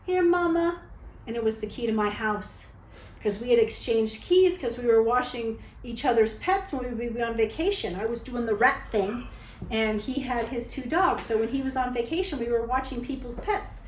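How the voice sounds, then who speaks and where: A woman vlogger tells a personal dating story to camera, candid, dramatic and chatty, often ending her lines with "okay?". Her voice is a little high and a little mellow at a normal speed. The roughly recorded audio has an echoey room and slight background noise.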